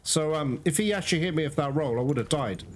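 Talking quickly in a fairly high voice against a noisy background and game music, a man narrates his gameplay. He's excitable, curses freely, and keeps calling his audience guys.

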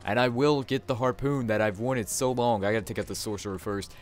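A young man giving let's play commentary, talking to his viewers and swinging between excited outbursts and deflated mutters. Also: fairly low pitch, fairly quick. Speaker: gameplay commentator.

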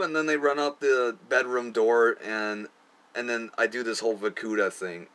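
A man's voice: mid-range voice, steady tone, normal speed, a bit bright, a little hiss or hum. A young man casually looking back on his amateur film, crude and profane, often laughing at himself. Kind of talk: casual commentary.

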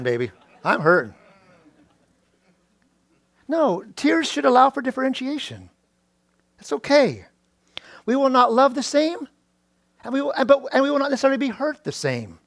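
A middle-aged male pastor giving a sermon, often restarting his words and rising loud and high on key points. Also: no room sound, studio quality. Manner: preaching with many restarts and repeated words; rises to a loud high pitch when stressing points.

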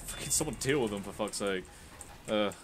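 A man's voice: fairly low pitch, expressive, brisk, music in the background. A young man giving casual, sweary, joking commentary while streaming a game.

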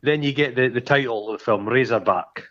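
A man's voice: medium pitch, brisk, fairly bright tone. A man co-hosting a podcast, chatting casually about a film, swearing freely and acting out quoted lines. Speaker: podcast co-host. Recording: dull lo-fi sound.

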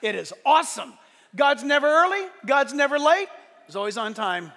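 A pastor preaching a sermon to his church, emphatic and animated, with joking asides. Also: very high voice, moderate pace. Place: church sanctuary during a service. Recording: long reverb of a large hall.

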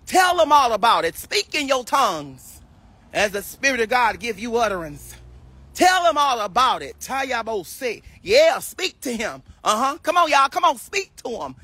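A woman preacher on a live stream, praying in a slow chant and breaking into speaking in tongues. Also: a little high, big pitch swings, sharp tone, breathy edge, dry recording. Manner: slow, chanting, repetitive prayer with bursts of tongues. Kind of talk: livestream prayer and speaking in tongues.

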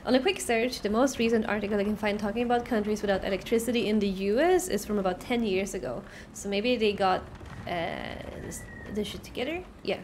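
A woman streamer talking chattily through a game, breaking into yells. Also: medium pitch, fairly quick. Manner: chatty, bursts into yelling. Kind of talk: let's play commentary. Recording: noisy background.

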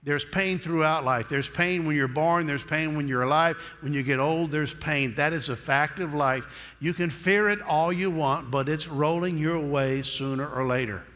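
A man's voice: a little high, moderate pace, a bit bright, in a large hall. A man preaching a sermon in a folksy, humorous storytelling manner.

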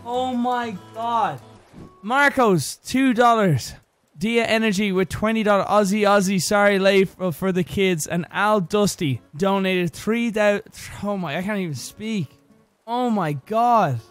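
A young man on a charity livestream, excitable, loud and sweary as he thanks donors. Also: sits high, unhurried, faint music behind. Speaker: streamer.

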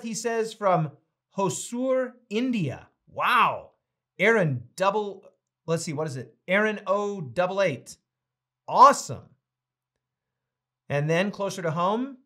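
A man's voice: sits high, fairly bright tone. A man, a pastor hosting a livestreamed reading series, greeting viewers one by one and making announcements in an upbeat, casual way.

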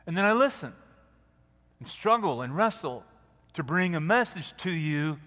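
A man preaching a sermon as pastor, earnest and gentle, dropping to a soft hush at quiet moments. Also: on the high side, big pitch swings, normal speed. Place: church sanctuary. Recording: long church hall reverb.

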